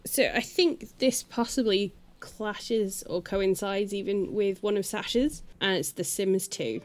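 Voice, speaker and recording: A woman's voice: mid-range voice, slow. A woman co-hosting a podcast in casual chat, giggling often and stretching her words. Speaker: podcast co-host.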